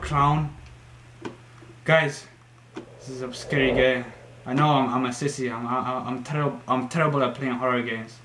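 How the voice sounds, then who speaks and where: Brief: young man, horror let's play, bright, scared and shrieking, echoey room, faint hiss. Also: medium pitch, flat delivery, normal speed. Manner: jumpy, shrieks and swears when startled. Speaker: gaming YouTuber. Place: room at home.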